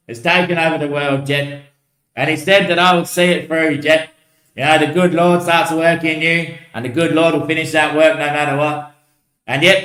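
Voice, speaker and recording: A man's voice: a little high, pushed and bright. A man rambling in casual chat, loose and swearing, laughing between lines. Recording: roomy echo.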